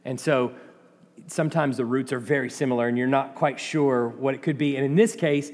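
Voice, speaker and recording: A man preaching a sermon in a conversational, animated way, often acting out the voices of the people in the story. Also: medium pitch, fairly quick, in a large hall. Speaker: pastor.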